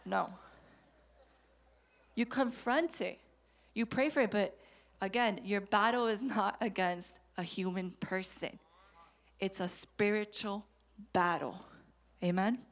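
A woman in her thirties preaching a sermon to young people, animated and emphatic. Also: medium pitch, takes it slowly, pauses often. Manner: animated, acts out quotes, rising to emphatic declarations. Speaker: youth preacher.

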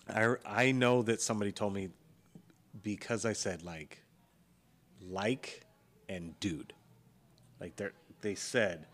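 A young man in casual conversation, animated and profane, peppering his talk with "like". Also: on the low side, slow, pauses often. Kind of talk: casual chat.

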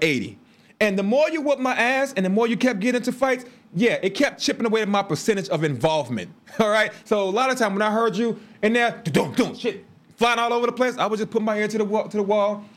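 A livestream host from Chicago tells stories casually and animatedly, full of laughs and asides. His voice sits high and moves fairly quickly.

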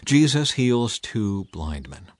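Expressive male scripture reader, dry sound. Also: on the low side, slow pace, dry recording. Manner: expressive reading with a lively rise and fall. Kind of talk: dramatized scripture reading.

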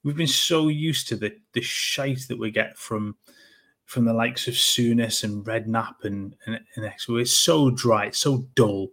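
A man co-hosting a casual football chat in an easygoing, measured way. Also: mid-range voice, a bit bright. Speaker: podcast co-host.

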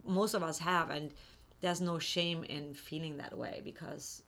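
A woman's voice: low voice, fairly even intonation, measured pace, vocal fry, a bit bright, slight background noise. A woman hosting an interview, earnest and encouraging as she talks. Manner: earnest, encouraging, restarts words. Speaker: host. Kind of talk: supportive interview talk.

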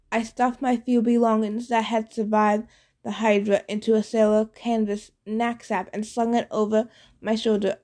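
Warm-voiced woman reading an audiobook. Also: on the high side. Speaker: audiobook narrator. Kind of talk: audiobook narration.

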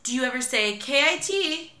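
A woman's voice: high voice, lively intonation, normal speed, pushed and bright, echoey room. A woman in her thirties co-hosting a podcast in casual chat, teasing with dry questions. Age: 30s. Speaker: podcast co-host.

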